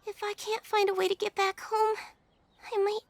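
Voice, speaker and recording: A woman's voice: very high-pitched, level tone, normal speed, dry recording. A woman voicing a polite, earnest young witch heroine in an anime dub.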